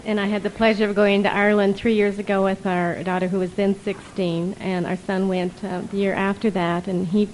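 A woman's voice: medium pitch, a little fast, hardly any pauses, a little hiss or hum, low-quality recording. A woman from the United States telling a joke to a group. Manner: lively joke-telling, putting on characters. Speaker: speaker sharing a joke.

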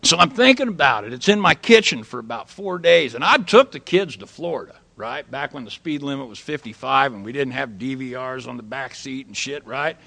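Folksy, gravelly-voiced middle-aged man. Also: medium pitch, animated, brisk, hardly any pauses, sharp tone. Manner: folksy, swears freely, tags lines with "right?". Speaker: recovery meeting speaker. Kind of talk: personal storytelling talk.

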